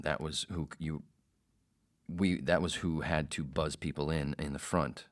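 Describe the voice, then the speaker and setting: A man's voice: rumbling low, a bit bright. A man hosting a podcast, telling a rambling, profane story in a casual way. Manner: rambling, profane, self-interrupting. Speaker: podcast host.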